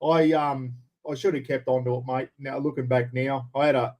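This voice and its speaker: Streaming live from a room at home, an Australian host chats in a relaxed way and welcomes viewers by name. His mid-range voice is darkish, moves little in pitch, and keeps a normal pace.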